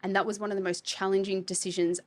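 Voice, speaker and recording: A woman's voice: mid-range voice, little pitch movement, fast talker, a little hiss or hum. A woman, a property coach, talking bluntly and with energy in a podcast interview, swearing casually. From Australia.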